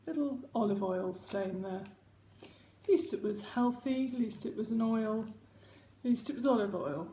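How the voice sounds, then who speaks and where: Woman host, chatty and rambling, pitched a bit high, in an echoey room at home. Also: measured pace, few pauses, warm tone, a little hiss or hum. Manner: chatty, rambling, self-mocking. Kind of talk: casual chat.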